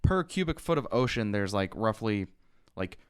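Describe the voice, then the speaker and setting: A man's voice: fairly low pitch, very animated, normal speed, clean tone, no echo. A man co-hosting a podcast in casual chat, explaining things loosely with lots of "like" and making dry jokes. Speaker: podcast co-host.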